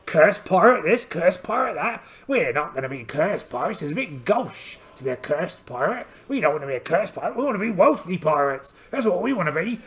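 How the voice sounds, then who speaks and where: A man voicing a cheerful, blustering one-eyed pirate captain, narrating a solo tabletop game in character with theatrical, exclaiming delivery and a gravelly voice. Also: sits high, big pitch swings, a little fast, hardly any pauses, a bit bright. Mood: storytelling.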